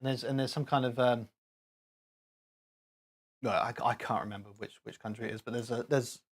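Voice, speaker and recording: A man's voice: mid-range voice, steady tone, normal speed, slightly rough. Chatty man hosting a stream. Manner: chatty and rambling, chuckling and talking to the chat. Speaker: live stream host. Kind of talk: casual live stream chat.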